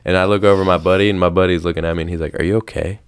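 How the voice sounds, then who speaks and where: A man's voice: deep voice, fairly even intonation, rapid-fire, clear, resonant tone. A young man casually telling a rambling story on a podcast, slangy and swearing often. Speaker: podcast host.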